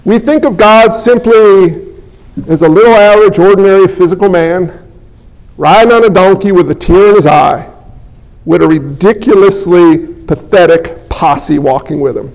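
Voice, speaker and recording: A man preaching a sermon, his voice sitting very high for a man. He drives his points home with repeated phrases and rhetorical questions, then drops into folksy, joking asides to the congregation. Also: moderate pace, darkish tone, poor audio. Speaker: pastor.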